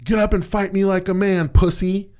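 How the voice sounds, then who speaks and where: A man voicing, mid-story, an abusive grown man who taunts and insults a teenager, his pitch lifting a little. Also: flat delivery, moderate pace, darkish tone, close to an everyday voice. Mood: aggressive. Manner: taunting, contemptuous.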